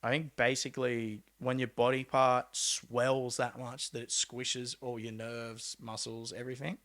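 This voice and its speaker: Young man, Australian accent, casual storytelling, animated, slangy, swears. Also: mid-range voice, unhurried. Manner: animated, acts out quotes, laid-back slang and swearing. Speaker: podcast guest, pro mountain bike rider.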